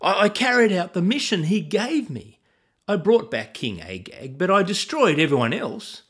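A man's voice: a little high, wildly swooping pitch, moderate pace, husky, exaggerated voice. A man reading the part of a defensive, anxious king who makes excuses and pleads, in a Bible reading. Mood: insistent. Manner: pleading, insistent.

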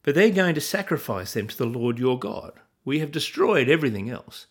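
A man's voice: mid-range voice, sing-song, fairly quick, husky. A man reading the part of a defensive, anxious king who makes excuses and pleads, in a Bible reading. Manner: pleading, insistent.

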